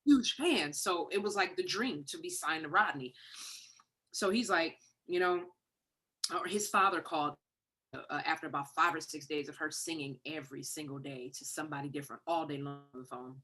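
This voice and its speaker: Detroit lady telling a story on a video call, lowish voice, punchy and bright, does all the voices. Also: normal speed, breathy edge. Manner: animated, acts out quoted voices. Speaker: guest songwriter. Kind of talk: casual storytelling.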